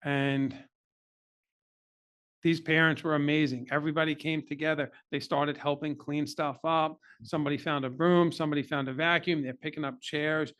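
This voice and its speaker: A man's voice: fairly high pitch, flat delivery, moderate pace, a bit bright. A middle-aged man, a podcast guest, earnestly telling an emotional personal story in a candid interview.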